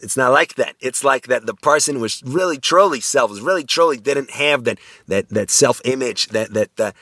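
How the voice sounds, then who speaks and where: A man lectures on ethics in a loose, conversational way, often stopping to check in with his listeners. His voice is bright and forward. The sound is close and dry, with no room around it. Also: mid-range voice, expressive, normal speed, no room sound. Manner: conversational, many restarts, frequent "right?" tag questions.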